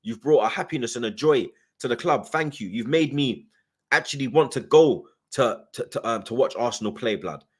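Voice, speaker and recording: A man's voice: mid-range voice, animated, moderate pace, breathy edge. A young man hosts a fan channel, chatting casually and reading viewer comments, with constant slang and "you get me" tags. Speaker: football fan channel host.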